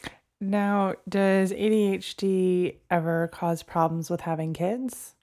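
A woman interviewing a guest, asking hesitant, halting questions. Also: on the low side, steady tone, a little mellow.

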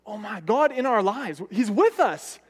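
Male preacher, high voice, conversational sermon delivery that keeps checking in with the congregation. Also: very animated, unhurried, slightly rough. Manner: conversational, often asks "right?"; varies pitch and loudness for emphasis.

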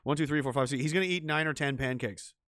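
A man's voice: a little high, quick pace, a bit bright, dry recording. Sarcastic, profane male ranter, dry voice. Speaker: livestream commentator. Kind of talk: ranting political commentary, reading chat.

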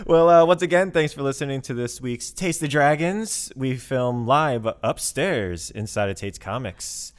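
A man's voice: medium pitch, lively intonation, takes it slowly. Guy hosting a podcast, upbeat and laughy, voice swinging up and down a lot. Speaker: podcast host. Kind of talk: casual chat. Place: room above a comic shop.

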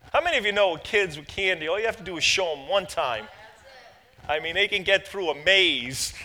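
A middle-aged man preaches a sermon in a high, bright voice. He talks in halting stretches full of fillers and repeated words, then builds to loud, fervent declaration. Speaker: pastor.

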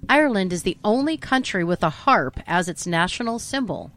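A woman's voice: mid-range voice, animated, moderate pace, fairly bright tone, dry recording. Wry, teasing woman podcast co-host. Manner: wry, teasing, swears casually. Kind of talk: casual chat.

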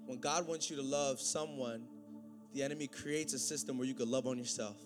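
A man preaching a sermon, swinging from loud, excited preaching to quiet, intense talk. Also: medium pitch, a little fast, over music.

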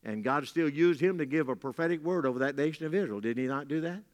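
A man's voice: on the high side, fast. A man preaching a sermon as pastor, folksy and repeating key lines for emphasis, with casual asides. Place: church hall. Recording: long reverb from a church hall.

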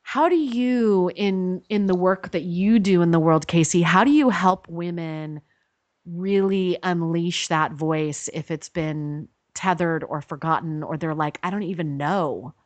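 A woman's voice: lowish voice, unhurried, dry recording. A woman hosting a podcast, a mother, asking thoughtful questions in a casual, reflective way. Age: young adult to middle-aged mother. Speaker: podcast host. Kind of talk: casual conversational interview.

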